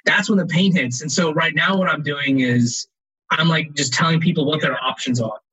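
A man talking casually as an interview guest about loans, animated and rambling with restarts. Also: fairly high pitch, moderate pace, husky, low-quality recording. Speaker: guest, loan advisor.

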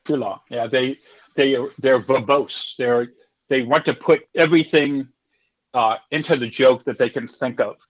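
Chatty middle-aged comedy teacher, lo-fi. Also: male voice, mid-range voice, a little slow. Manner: chatty, rambling, self-assured. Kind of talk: casual interview storytelling.

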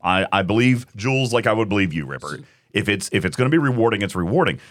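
Podcast guy, super animated, pitch jumping all over, keeps repeating himself to make a point. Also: quick pace. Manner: animated, emphatic, repeats words. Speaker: podcast co-host. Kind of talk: casual debate chat.

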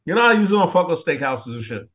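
A man's voice: on the high side, big pitch swings, rapid-fire, a bit bright. Rambling man, muffled lo-fi sound. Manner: rambling, repeats words, argues insistently. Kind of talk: casual chat.

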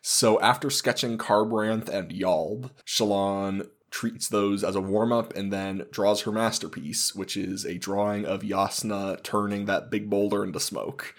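A man with a fairly low voice and a gravelly, creaky texture. He hosts a relaxed book-club podcast, explaining things patiently and laughing often. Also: unhurried, hardly any pauses. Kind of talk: casual book discussion.

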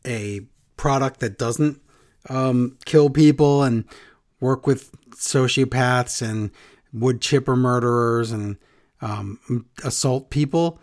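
A man's voice: medium pitch, takes it slowly, a little mellow. Sarcastic, exasperated podcast co-host man. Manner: sarcastic, exasperated, mocking impressions. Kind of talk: casual chat recapping wrestling.

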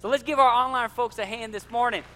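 A middle-aged male pastor, preaching an animated sermon in a church and joking with the congregation. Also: very high-pitched, fast talker, noisy background. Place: church sanctuary.

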